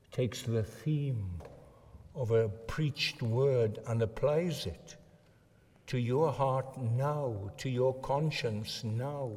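A man preaching a sermon with earnest feeling, swelling to fervent emphasis and dropping soft. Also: medium pitch, in a large hall.

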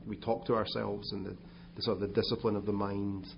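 A man's voice: fairly low pitch, level tone, fairly quick, gravelly, highs cut off, slight background noise. A man giving a conversational sermon as pastor, with asides and restarts. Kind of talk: sermon talk.

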